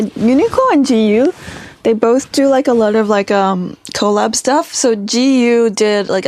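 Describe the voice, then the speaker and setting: A woman's voice: on the high side, dark tone. A young adult woman streaming from home, chatting casually and rambling with lots of fillers. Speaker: live streamer. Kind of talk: casual live-stream chat.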